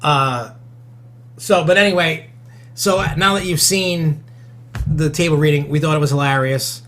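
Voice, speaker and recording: A man's voice: fairly high pitch, unhurried, a bit bright. A man hosting a casual podcast, talking in a loose, rambling way with lots of fillers. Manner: rambling, with many fillers and restarts. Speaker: podcast host.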